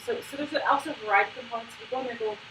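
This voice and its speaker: A woman coaching a new volunteer in a chatty way, with lots of "like" fillers. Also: fairly high pitch. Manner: brisk, chatty, full of "like" fillers. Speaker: trainer of autism program volunteers. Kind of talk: hands-on instructional coaching. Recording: echoey room, distant mic, background noise.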